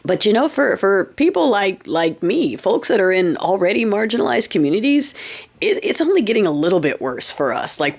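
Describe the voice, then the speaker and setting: A woman from the United States hosting her own political commentary vlog, casual and sarcastic, swearing freely and often checking in with "okay?". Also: on the low side.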